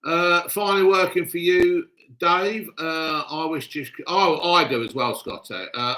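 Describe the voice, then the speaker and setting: A man's voice: on the high side, measured pace, pushed and bright, rough recording. A man hosting a live stream, reading out chat in blunt, crude casual talk. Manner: blunt, gruff, cheerfully crude. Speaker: livestream host reading chat.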